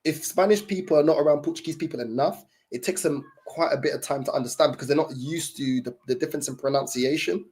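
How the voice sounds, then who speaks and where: A man's voice: a little high, fast, few pauses, a little mellow. Streamer, young man, easygoing slangy chat to viewers. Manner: laid-back slang-heavy talk with many fillers. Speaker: livestream host. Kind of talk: casual livestream chat.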